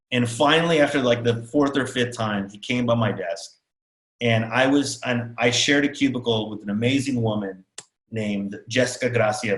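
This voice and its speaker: A man from Texas giving a storytelling talk as keynote speaker, animated and acting out the people he quotes. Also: medium pitch, roomy sound, rough recording. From Texas, USA. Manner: animated, acts out quotes of others.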